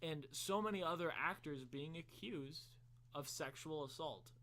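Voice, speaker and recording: Bright-voiced rambling young man. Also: on the high side, measured pace. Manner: rambling storyteller, heavy on "like" fillers. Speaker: podcast co-host. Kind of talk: casual chat.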